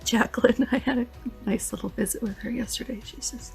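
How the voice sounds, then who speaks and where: A woman's voice: a little high, steady tone, brisk, creaky, soft background music. A woman leaving a rambling, heartfelt voice message for a relative. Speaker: vlogger.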